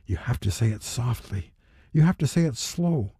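A man reading the lines of a stern old wizard in a children's poem, measured and instructive. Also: medium pitch, expressive, warm tone, slightly rough, dry recording, studio quality. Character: stern old male wizard giving a spell.

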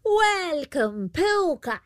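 A woman voicing an old banshee calling out in a spoken storybook, shrill. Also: big pitch swings, extremely slow, no room sound, clean studio sound, full character voice. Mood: welcoming. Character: old banshee woman, loud host of a feast.

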